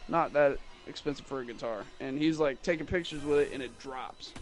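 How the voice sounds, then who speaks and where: A young man who sells guitars, rambling through a mocking, animated story about rude customers in casual chat. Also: mid-range voice, fairly quick, faint music behind. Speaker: guitar salesman.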